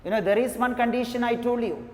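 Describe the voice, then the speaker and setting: A woman teaching an English grammar lesson, talking slowly, repeating each example and saying "you know" often. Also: fairly high pitch, a little mellow. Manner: slow, repetitive, says "you know" often. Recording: echoey room with long reverb.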